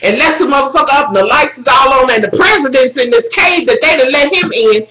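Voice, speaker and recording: Recapping an episode of a TV drama for her viewers, this woman is animated, casual and full of swear words. Her high voice is bright with a slight sharpness, and she talks fast in an echoey room.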